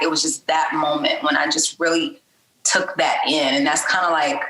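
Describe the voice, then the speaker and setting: A woman's voice: sits low, steady tone, normal speed, bright, forceful tone, echoey room, faint music behind, low-quality recording. A woman speaking as a podcast guest in a candid personal interview, talking openly and conversationally with frequent fillers.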